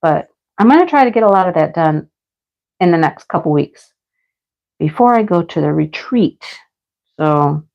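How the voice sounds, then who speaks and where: A woman's voice: on the low side, animated, moderate pace, vocal fry, pauses often, highs cut off. A woman hosting a casual craft livestream, chatting and laughing as she answers viewers by name. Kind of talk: casual live chat with viewers.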